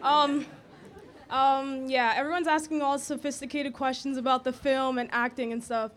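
A woman's voice: high voice, little pitch movement, moderate pace, a faint crowd. A woman asking a question from the audience, giggly and shy. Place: audience at a panel.

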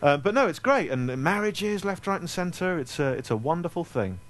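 A man, telling comic anecdotes to a live audience at a store event in a self-deprecating, animated way. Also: a little high, moderate pace. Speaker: author speaking at a store event.

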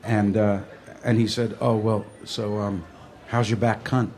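A man's voice: on the low side, flat delivery, unhurried, a little mellow. An American man hosting a casual chat, dry and teasing, telling loose anecdotes. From United States. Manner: dry, teasing, storytelling asides.

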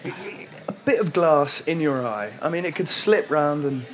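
A man's voice: on the high side, animated, normal speed. British man actor, short answers. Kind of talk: press interview.

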